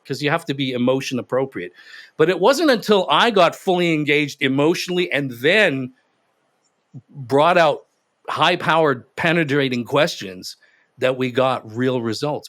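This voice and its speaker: A man in an interview, telling stories in an animated, emphatic way. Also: on the high side. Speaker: guest expert. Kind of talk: interview conversation.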